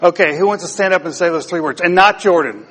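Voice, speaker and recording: Pastor, male, slightly higher voice, teasing interactive sermon style, long church reverb. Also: quick pace, fairly bright tone. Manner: playful, quizzes the congregation.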